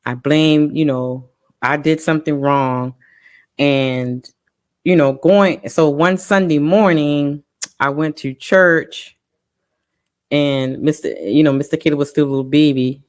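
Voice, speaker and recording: A woman co-hosting a parents' talk show, telling a personal story in an emotional, halting way with many pauses and restarts. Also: deep voice, steady tone. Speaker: parent co-host. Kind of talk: casual personal testimony.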